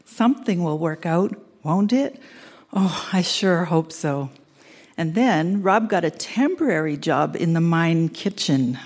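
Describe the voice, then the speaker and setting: A woman's voice: fairly low pitch, expressive, unhurried, a little mellow. An older woman reading her old letters aloud to an audience, sweet and earnest with a teasing edge.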